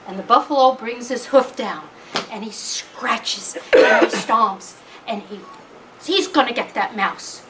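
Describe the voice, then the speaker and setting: Woman storyteller, slow and deliberate, long pauses, distant mic, faint noise. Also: on the high side, expressive. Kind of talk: oral storytelling at a live concert. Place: event hall. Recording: distant mic at a live event.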